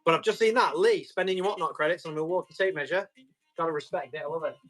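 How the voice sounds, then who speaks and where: A man with a slightly high voice runs a casual live auction, bantering with viewers and reading out their comments. He describes the tools as he tests them, talking in a loose, friendly way. Faint music plays behind him. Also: quick pace, a bit bright. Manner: chatty, reads out and answers viewer comments; describes items while testing them. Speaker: live-stream tool seller.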